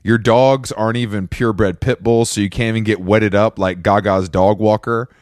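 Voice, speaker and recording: A man's voice: lowish voice, steady tone, normal speed, darkish tone, dry recording, studio quality. A young man co-hosting a podcast, teasing his co-host in casual chat and laughing often.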